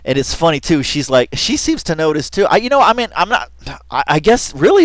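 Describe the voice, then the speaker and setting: Animated, rambling man in casual commentary. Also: on the high side, normal speed, no echo. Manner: rambling, chatty, many fillers and restarts; laughs often while talking. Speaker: video commentator.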